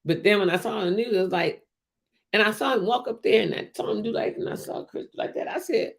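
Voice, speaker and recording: A woman with a gravelly mid-range voice hosts a casual livestream show, talking quickly and emphatically. She restarts and repeats herself a lot and reads viewer comments aloud.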